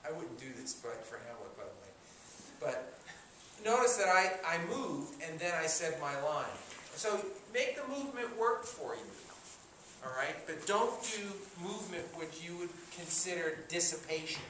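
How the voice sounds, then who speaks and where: A man teaching an acting class, talking in an animated way and stopping often to act out lines as examples. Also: on the high side, moderate pace. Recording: echoey room from far off, faint noise.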